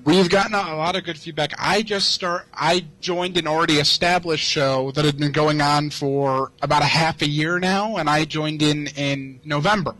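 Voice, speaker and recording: A man's voice: a little high, steady tone, moderate pace, hardly any pauses, pushed and bright, rough recording. A man from the Detroit area calling in over a video call, talking casually and hesitantly, with many restarts. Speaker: caller, radio broadcaster.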